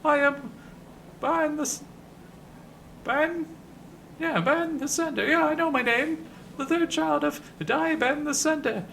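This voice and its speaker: A man voicing an effeminate, heavy-set male messenger who speaks in a high falsetto with flowery, overly polite phrasing. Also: slow pace, creaky, pauses often, bright, forceful tone, a little hiss or hum, exaggerated voice, rough recording. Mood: fawning.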